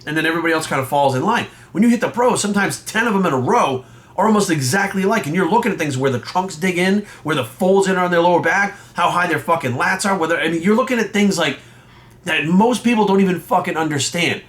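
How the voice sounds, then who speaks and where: A man's voice: sits high, animated, fast talker, fairly bright tone. A man who coaches and judges bodybuilding, delivering a heated, profane, confrontational rant to his viewers. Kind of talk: profane ranting vlog monologue.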